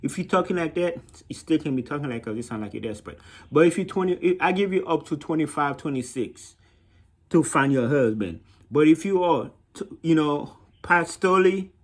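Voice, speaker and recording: A man's voice: fairly high pitch, moderate pace. A man with a Haitian accent giving blunt, mocking dating advice in a casual monologue, often repeating himself.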